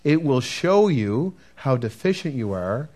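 A man preaching a sermon and telling his testimony earnestly, talking straight to the congregation and dropping to a hush at key moments. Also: mid-range voice, very animated, measured pace. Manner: earnest, addresses listeners directly, swings from loud to hushed.

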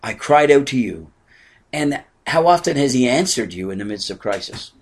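An older man preaching an earnest sermon, moving from soft asides to raised exclamations. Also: mid-range voice, expressive, moderate pace, husky. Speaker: pastor.

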